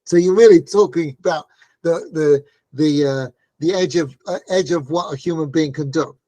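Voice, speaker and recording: High-voiced man giving a lively Torah talk. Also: moderate pace, no room sound. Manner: conversational, frequent "right?" asides; acts out quoted voices in stories. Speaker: Torah teacher. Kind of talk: storytelling Torah class.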